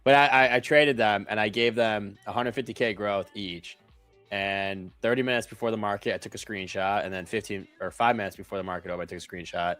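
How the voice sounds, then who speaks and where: A young man co-hosting a live trading stream, joking around quickly and swearing casually. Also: fairly low pitch, steady tone, a bit bright, faint music behind. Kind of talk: casual chat.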